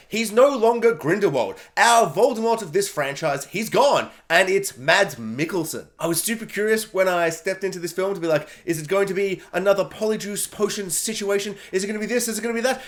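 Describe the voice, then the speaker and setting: A male film reviewer with a notably high voice, ranting through a casual spoiler review. He is animated and sarcastic, swinging between playful jokes and mock outrage. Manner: animated, sarcastic, joking asides.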